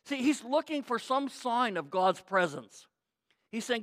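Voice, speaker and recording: A pastor preaching a sermon, emphatic, repeating key phrases and swinging between quiet reflection and loud pleading. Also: male voice, very high-pitched, big pitch swings, unhurried.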